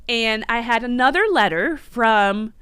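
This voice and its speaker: A woman hosting a casual live stream, chatty and rambling, full of fillers and quick self-corrections. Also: a little high, a bit bright, smooth, no echo, clean studio sound. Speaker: livestream host. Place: home in Las Vegas.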